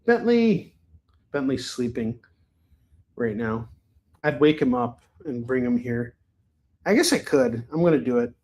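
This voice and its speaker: A man's voice: mid-range voice, a little slow, long pauses, a little mellow. A man hosting a live shopping stream, chatting loosely, laughing and swearing freely. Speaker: live shopping show host. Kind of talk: casual livestream chat.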